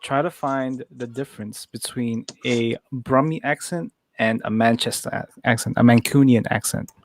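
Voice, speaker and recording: Gravelly, hesitant man chatting. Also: medium pitch, steady tone, normal speed. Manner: hesitant, full of restarts. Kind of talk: casual chat among friends.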